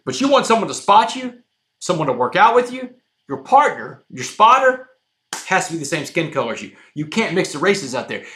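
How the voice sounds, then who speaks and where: A guest from Texas tells a dramatic personal story in a medium-pitched voice, recorded with a roomy echo. He's animated, keeps addressing the host, and says "man" a lot.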